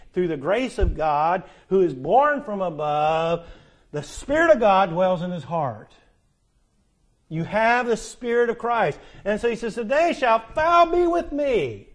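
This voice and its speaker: Older guy preaching, high voice, repeats words for emphasis, loud then hushed. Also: lively intonation, measured pace. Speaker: pastor. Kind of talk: sermon.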